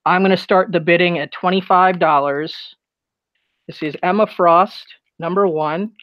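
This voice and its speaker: Smooth, slightly high man, matter-of-fact lot descriptions, dry lo-fi mic. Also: steady tone, a little slow, no echo. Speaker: comic auctioneer. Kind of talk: live auction presenting. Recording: dry, dull lo-fi sound.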